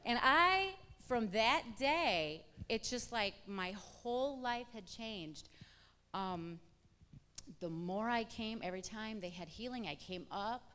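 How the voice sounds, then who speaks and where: A woman's voice: medium pitch, slow pace, clear, resonant tone. Woman giving testimony in a reverberant church. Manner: animated storyteller acting out quoted exchanges. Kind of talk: personal testimony to a congregation. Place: church hall. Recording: long church hall reverb.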